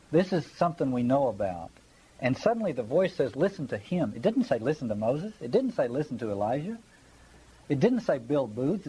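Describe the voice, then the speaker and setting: A man's voice: medium pitch, mellow, breathy edge, poor audio. A man giving a conversational Bible study lecture, reading passages aloud and stressing his points while checking in with his listeners. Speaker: Bible teacher.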